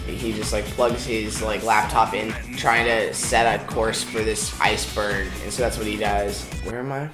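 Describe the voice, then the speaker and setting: Man, comedy host, rambling retelling, lowish voice, echoey room, loud music. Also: fairly even intonation, moderate pace, few pauses. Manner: loose, rambling, full of "like". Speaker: show host.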